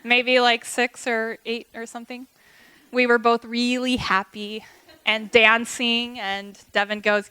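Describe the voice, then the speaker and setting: A woman's voice: on the high side, little pitch movement, a little slow, pushed and bright, clean tone, dry recording. A woman giving an emotional, chatty wedding toast for her sister, close to tears and acting out remembered dialogue. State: tearful.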